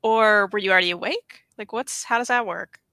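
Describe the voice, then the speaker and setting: A woman co-hosts a relaxed livestream with a bright, sharp-edged voice and a gravelly fry at the ends of her phrases. She teases playfully and laughs quickly, and the sound is dry and close. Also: mid-range voice, no room sound. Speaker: co-host. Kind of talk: casual chat.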